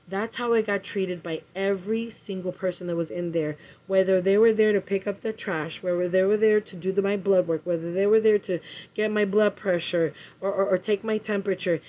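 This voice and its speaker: A woman's voice: mid-range voice, warm tone. A woman telling an angry story in a vlog, swearing and repeating herself as she vents. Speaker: vlogger. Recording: muffled lo-fi recording.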